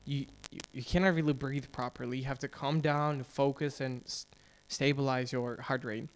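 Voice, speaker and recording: Man, podcast co-host, casual chat, animated storyteller, mid-pitched voice. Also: moderate pace, a little hiss or hum. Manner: animated storyteller, frequent restarts.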